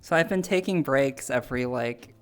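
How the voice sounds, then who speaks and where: A woman streamer chatting casually with her viewers, bubbly, swinging between soft murmurs and high squeals. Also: moderate pace, smooth, faint music behind. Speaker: live streamer.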